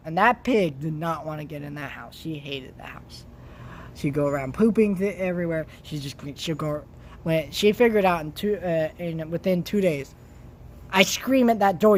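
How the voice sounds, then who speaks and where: A young vlogger telling a rambling home story in casual chat, with many restarts and animated swings between loud bursts and quiet asides. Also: mid-range voice, moderate pace.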